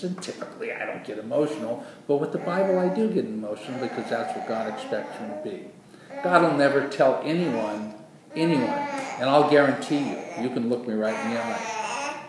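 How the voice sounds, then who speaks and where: A man preaching a sermon in an earnest, animated way, acting out quoted voices, with a dry throat after surgery. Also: mid-range voice. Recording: echoey room, far from the mic, noisy.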